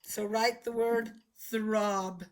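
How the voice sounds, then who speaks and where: Slow, patient phonics teacher woman. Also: medium pitch, steady tone. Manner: slow, patient, clearly enunciating words. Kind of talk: children's phonics lesson.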